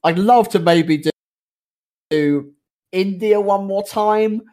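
A man's voice: sits high, slow pace, mellow. A man co-hosting a podcast in casual chat, joking and tossing out playful ideas. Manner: jokey, throws out playful ideas. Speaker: podcast co-host.

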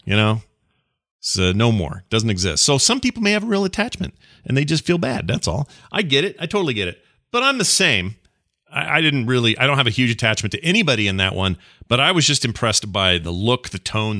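A man co-hosting a gaming podcast in easy chat, with a low, bright, forceful voice. He jokes and quotes lines in put-on voices, recorded dry and close. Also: dry recording. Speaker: podcast co-host. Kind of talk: casual chat.

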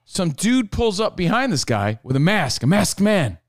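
Man, from New Jersey, casual podcast chat, lively pitch, dry close mic. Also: normal speed, no room sound. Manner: animated, profane storytelling. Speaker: podcast co-host.

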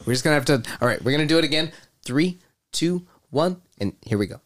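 A man's voice: on the high side, animated, fast talker. A man hosting a podcast, improvising as a bossy, exasperated producer calling the takes. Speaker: podcast host playing a producer. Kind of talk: improvised comedy sketch.

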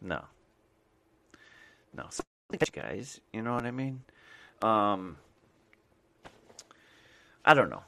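A man's voice: on the low side, very animated, slow pace, vocal fry, pauses often, sharp tone, slight background noise. A man from the United States, a mailman and podcast host, rambling casually with lots of fillers and restarts.

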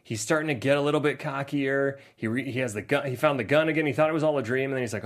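A man's voice: mid-range voice, fast talker. A man hosting a film podcast, chatting casually and acting out scenes with jokes. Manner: animated, jokey, acts out scenes. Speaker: podcast host.

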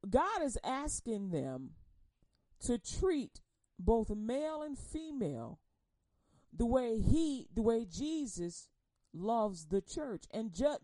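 A woman preaching a humorous sermon, telling animated stories, laughing often and acting out quotes in casual slang. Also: a little high, no echo.

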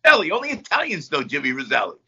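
A middle-aged man from New Jersey, a guest entertainer, telling rambling, animated anecdotes in conversation. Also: fairly high pitch, very fast, breathy edge. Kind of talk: conversational storytelling. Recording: slightly dull lo-fi sound.

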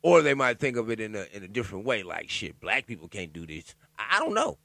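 A man talking alone in a loud, profane, joking commentary, riffing on a news story and reading parts of it aloud haltingly. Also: fairly low pitch, gravelly, dry recording. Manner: loud, profane, animated riffing with laughs and asides. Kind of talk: casual profane commentary monologue.

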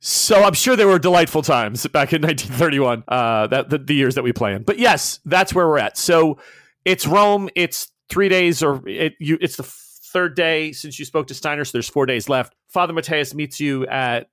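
A man's voice: fairly high pitch, moderate pace, a bit bright, no room sound, clean studio sound. A man narrating as game master of a tabletop role-playing game in a casual, chuckling way.

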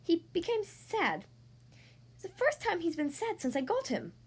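A woman's voice: extremely high pitch, wildly swooping pitch, measured pace, pitched above the performer's own voice, full character voice. A woman doing a fretful storybook king. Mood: worried. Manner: raised, pleading and worried. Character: anxious, excitable male king. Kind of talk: storybook read-aloud.

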